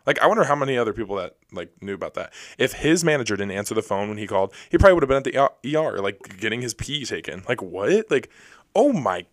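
Fast-talking young man, dry close sound. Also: on the low side, sing-song, no room sound. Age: young adult. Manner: rapid, rambling, self-deprecating. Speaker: podcast host. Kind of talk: casual solo storytelling. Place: recording alone.

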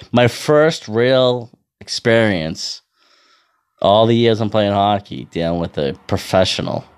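Guy in his 30s telling a story, kinda low voice, swears a lot, laughs along. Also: darkish tone. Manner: rambling, profane, laughs a lot. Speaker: amateur hockey goalie. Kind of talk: casual storytelling monologue.

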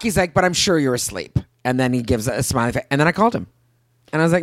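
A woman in her thirties chatting casually as a podcast co-host, acting out quotes with big jumps in pitch. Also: a little fast, no room sound, studio quality. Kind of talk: casual chat.

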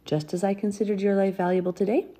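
A woman's voice: medium pitch, level tone, fast talker, dark tone. A woman reading a Bible passage aloud and stopping often to explain it in an earnest, chatty way. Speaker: Bible teacher.

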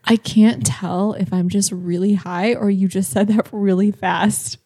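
A woman's voice: medium pitch, steady tone, a little slow, mellow, breathy edge, dry recording. Giggly, swearing woman podcast co-host. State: high on marijuana. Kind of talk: casual chat.

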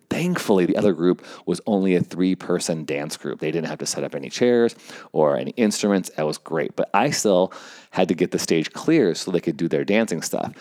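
Low-voiced man telling a personal story. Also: darkish tone, dry recording, clean studio sound. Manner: conversational, rambling with fillers, acts out quoted lines. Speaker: event stage manager telling a story.

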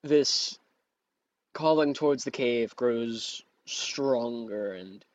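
A man's voice: mid-range voice, extremely slow, muffled recording. A man running a tabletop game as game master, narrating scenes and patiently explaining rules, correcting himself as he goes.

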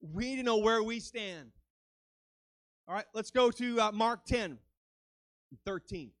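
A man's voice: high voice, unhurried, a bit bright, no room sound. A man preaching a sermon as a guest speaker, fervent and dramatic, rising and falling as he acts out quoted lines.

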